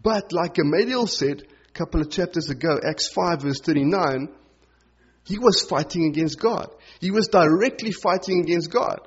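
A man with a slightly high, husky voice teaches a sermon in an easygoing, explanatory way. The recording sounds dull and lo-fi. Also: animated, moderate pace. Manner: informal and explanatory, with frequent "sort of" and "you know". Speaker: preacher. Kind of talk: conversational Bible teaching sermon.

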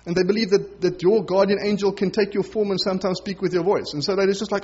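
High-voiced pastor preaching casually. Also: male voice, steady tone, fast, darkish tone, husky, highs cut off. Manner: conversational, acts out quoted voices. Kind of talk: sermon.

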